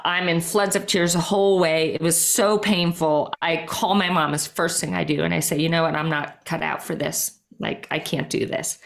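A woman's voice: fairly low pitch, fairly bright tone. A middle-aged woman, a former athlete turned coach, telling a personal story as a guest with emphatic energy, filling her speech with "like" and acted-out inner thoughts. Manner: emphatic, lots of "like" and quoted self-talk.

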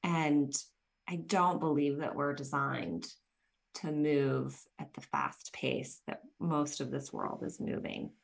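Woman hosting a podcast, deep voice with some fry, earnest and thoughtful. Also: slow pace. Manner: earnest, reflective, storytelling. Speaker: podcast host. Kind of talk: casual podcast conversation.

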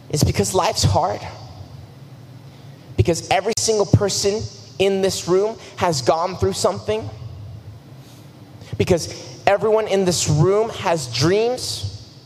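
A young man preaching a sermon in a large church hall, telling personal stories in an earnest, casual and self-deprecating way. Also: sits high. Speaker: youth preacher. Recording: long hall reverb, faint noise.

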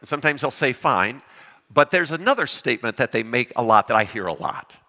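A man preaching a sermon, lively and animated, often putting questions to his congregation. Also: mid-range voice, fast, big-room sound. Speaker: pastor.

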